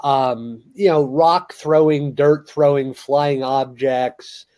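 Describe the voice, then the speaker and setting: A man's voice: mid-range voice, fairly even intonation, takes it slowly, darkish tone. A man co-hosting a casual podcast, explaining things steadily with lots of "you know" fillers. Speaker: co-host.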